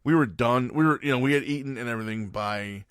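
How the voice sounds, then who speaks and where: A man's voice: medium pitch, fast, a bit bright, clear, resonant tone, no echo, clean studio sound. A man hosting his own podcast, telling a long story in a loose, rambling way and correcting himself as he goes. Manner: rambling, loose, lots of fillers and self-corrections. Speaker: podcast host. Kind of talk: casual storytelling monologue.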